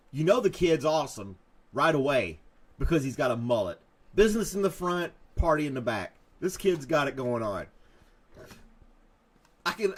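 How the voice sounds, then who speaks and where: A man hosting a live casual chat show, joking around and often laughing at his own bits. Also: on the high side. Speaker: host.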